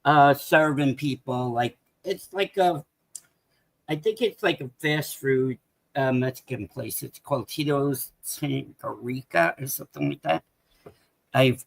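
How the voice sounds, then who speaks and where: A man calling into a sports show, rambling and hesitant, with a gravelly fry in his voice. The sound is dry, over a video call. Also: mid-range voice, no room sound, poor audio. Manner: rambling, hesitant, full of fillers. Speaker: caller. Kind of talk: casual call-in chat.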